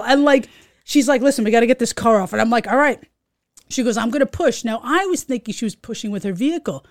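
A middle-aged New woman spins a story on a podcast, animated and salty, acting out every voice along the way. Her voice sits a little high. The recording is dry and close. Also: fast, dry recording. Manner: animated, swearing, acts out voices. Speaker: podcast co-host. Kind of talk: casual storytelling chat.

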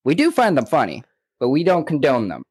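A man co-hosting a casual podcast, recapping episodes in an animated way and often slipping into quoted lines. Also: a little high, brisk, husky, no room sound. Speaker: podcast co-host.

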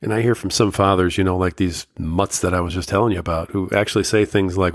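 A middle-aged man hosting a solo podcast, talking earnestly and emotionally in slow, measured phrases, firm and lecturing at times. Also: sits low, steady tone, no room sound, studio quality. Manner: firm and lecturing about fatherhood. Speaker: podcast host.

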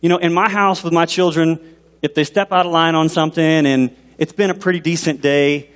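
A man preaching a sermon as a pastor. He talks in an animated way and asks the congregation questions. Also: on the high side, normal speed, clear, resonant tone. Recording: long reverb in a large hall.

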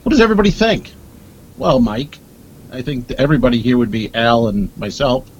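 A man's voice: mid-range voice, a little fast, muffled recording, a little hiss or hum. A man co-hosting a comedy podcast, telling stories in a dry, rambling way with lots of asides. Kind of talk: casual comedic chat. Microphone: earpiece at a desk.

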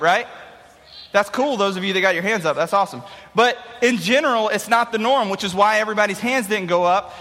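Thirties male youth pastor, high bright voice, lively sermon delivery. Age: 30s. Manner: animated storytelling. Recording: long hall reverb.

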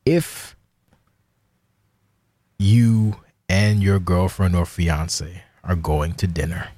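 A man's voice: sits low, fairly even intonation, extremely slow, mellow, no room sound. A man hosting his own podcast, ranting alone in a heated, profane, rambling way. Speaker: podcast host. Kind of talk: casual solo rant.

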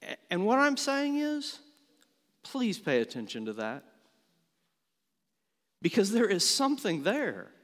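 A male pastor delivering an earnest sermon, his fairly high voice swinging widely in pitch. He speaks slowly and deliberately, pressing each point and posing questions to the congregation. A long reverb hangs on every word, as in a large church. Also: wildly swooping pitch, fairly bright tone. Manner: earnest, rising emphasis, rhetorical questions.

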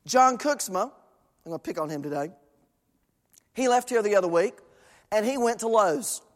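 A pastor preaches to the congregation, driving points home by repeating them. The voice sits at a middling pitch. A long hall reverb hangs after each phrase in the large sanctuary. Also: expressive, normal speed. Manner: emphatic, repeats phrases for stress. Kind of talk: sermon.

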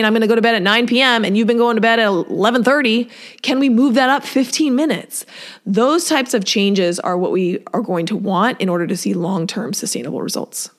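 A woman fitness coach talking casually and encouragingly, often acting out what her clients say. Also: mid-range voice. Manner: chatty, encouraging, acts out clients' voices. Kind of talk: solo podcast talk.

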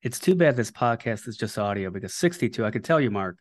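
A man's voice: lowish voice, lively intonation, quick pace. A man hosting a podcast, chatting casually, joking and teasing his guest with sarcastic praise. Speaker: podcast host.

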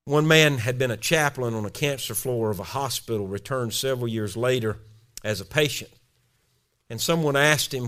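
A man's voice: medium pitch, moderate pace, fairly bright tone. A male pastor preaching a sermon, telling a story in a storytelling way and ending in a spoken prayer.

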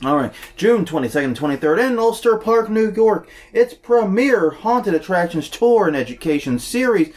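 A man's voice: sits high, moderate pace, few pauses. A man co-hosting a podcast, joking and self-deprecating as he reads event listings in casual chat. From New Orleans. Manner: jokey, self-deprecating, animated. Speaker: podcast co-host.

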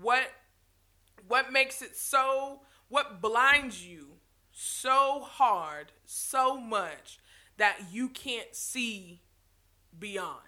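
Woman, higher pitch, motivational vlog talk, passionate, preachy. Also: lively intonation, very slow, bright, forceful tone. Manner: passionate, preachy, frequent restarts and laughs.

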